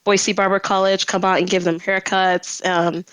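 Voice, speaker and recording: A woman guesting on a podcast, chatting casually about her volunteer group, bashful and quick to giggle. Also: medium pitch, flat delivery, a bit bright, clean tone, dry recording, poor audio.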